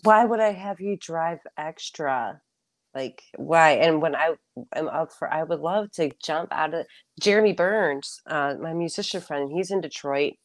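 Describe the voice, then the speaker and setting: A woman's voice: low voice, unhurried. A young woman on a live show, flustered and pleading, laughing nervously. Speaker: guest. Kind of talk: casual live-stream banter.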